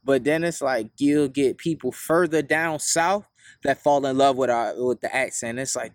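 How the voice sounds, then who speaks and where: A man's voice: mid-range voice, normal speed, no echo, clean studio sound. Slangy Baltimore man hosting a podcast outdoors. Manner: loose, slangy and profane. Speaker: podcast host. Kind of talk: casual podcast chat.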